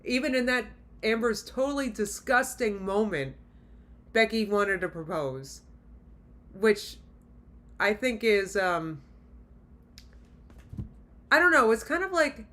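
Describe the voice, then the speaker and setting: A woman's voice: a little high, expressive, slow, long pauses, fairly bright tone. A woman hosting a reaction video, talking straight to her viewers in blunt, exasperated casual commentary.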